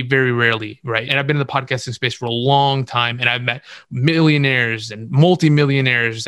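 A man's voice: medium pitch, pushed and bright, no echo. Guy explaining podcast tips, sure of himself, dry close sound. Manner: confident, instructive, repeats words for stress. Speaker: podcast guest and coach. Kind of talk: casual interview talk.

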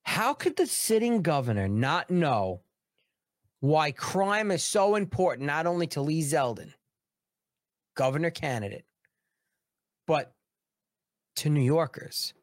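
A man's voice: on the high side, lively intonation, slow, pauses often, dry recording, clean studio sound. A man hosting a political commentary show, ranting emphatically and repeating words for stress.

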